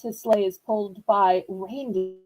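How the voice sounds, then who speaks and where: A woman's voice: mid-range voice, fairly even intonation, a little mellow, rough recording. A woman from New Orleans, chatting with viewers while selling items in a live-stream auction. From New Orleans, USA. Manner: slow, sympathetic, chatty with viewers.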